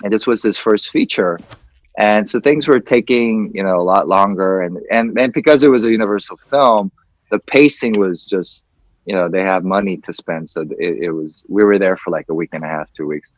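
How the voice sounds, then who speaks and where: Low-voiced man telling a rambling story. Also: moderate pace, no echo, rough recording. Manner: rambling storyteller, acts out quoted lines. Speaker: podcast host. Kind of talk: casual chat over video call. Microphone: video call.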